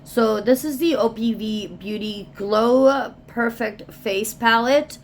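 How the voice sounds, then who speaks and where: A woman's voice: fairly high pitch, slow pace, a little hiss or hum. A woman chatting casually as she unboxes products, reading product descriptions aloud and sometimes dropping to a whisper. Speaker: beauty vlogger.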